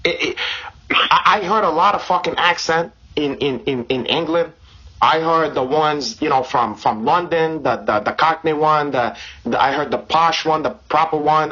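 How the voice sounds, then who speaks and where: A man playing a brash, crude Brazilian jiu-jitsu champion who hosts a comic podcast, speaking halting broken English with a Brazilian Portuguese accent and a husky, deadpan delivery. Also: on the high side, dull audio. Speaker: host. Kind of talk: comic improvised podcast chat.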